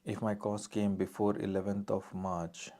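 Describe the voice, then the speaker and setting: Deep, flat, gravelly male adviser. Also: normal speed. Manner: direct, reads out questions then answers plainly. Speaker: immigration adviser answering viewer questions. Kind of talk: live-stream Q&A.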